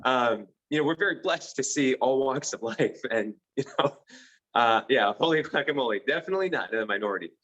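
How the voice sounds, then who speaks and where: A man's voice: mid-range voice, lively intonation, fairly bright tone, muffled recording. A man, a physician guest on a podcast, explaining patient care in an earnest, enthusiastic conversational way. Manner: earnest and enthusiastic, with quick asides. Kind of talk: conversational interview.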